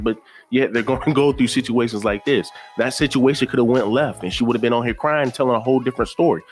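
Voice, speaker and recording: A man's voice: medium pitch, quick pace, soft background music. Blunt man doing reaction commentary. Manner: blunt, repetitive, preachy slang-filled talk. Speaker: commentary channel host.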